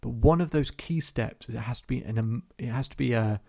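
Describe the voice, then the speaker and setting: Guy with a gravelly voice, hypnotherapist telling a session story, calm and unhurried, mid pitch. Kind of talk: storytelling monologue to camera.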